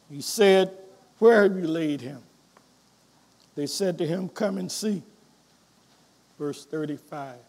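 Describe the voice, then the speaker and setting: Slow high-voiced preaching pastor. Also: male voice. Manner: reads scripture then preaches, swinging from soft to loud. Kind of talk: sermon.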